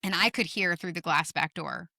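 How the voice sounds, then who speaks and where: A middle-aged woman guest on a podcast, telling stories in an animated, emphatic way and swearing casually. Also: on the low side, moderate pace, gravelly, no echo, clean studio sound. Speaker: guest author. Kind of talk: podcast conversation.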